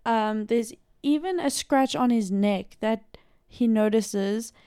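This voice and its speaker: A woman's voice: fairly high pitch, slow pace, warm tone, clean tone, dry recording, studio quality. A young South African woman narrating a true-crime case in a casual, chatty podcast style with lots of asides. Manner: chatty, filler-heavy storytelling with asides.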